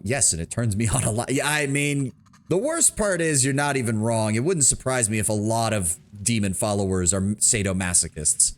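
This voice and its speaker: A man's voice: medium pitch, sing-song, normal speed, slight background noise. A man streaming a game, chatting casually with jokes and swearing. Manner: joking, profane, chatty. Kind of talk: casual gameplay commentary.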